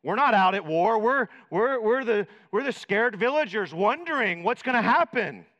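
A man preaching a sermon, dramatic, swinging from loud proclamations to hushed asides. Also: high-pitched, sing-song, normal speed, hardly any pauses, long reverb tail, muffled recording. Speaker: pastor.

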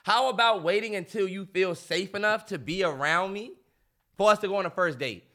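A man's voice: high voice, normal speed, bright, forceful tone. A man co-hosting a podcast, arguing emphatically and exasperated in heated debate, losing his voice. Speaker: podcast co-host.

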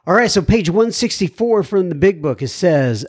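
A man's voice: high voice, lively intonation, normal speed, breathy edge, dry recording, clean studio sound. A man hosting a recovery podcast, earnestly reading listener letters aloud with folksy asides. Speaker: podcast host.

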